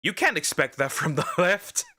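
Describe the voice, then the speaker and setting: A man streaming as a vtuber, talking in casual react commentary, rambling and halting with lots of fillers and restarts and speaking out bluntly. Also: fairly high pitch, sing-song, bright, forceful tone. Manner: outspoken, ranting.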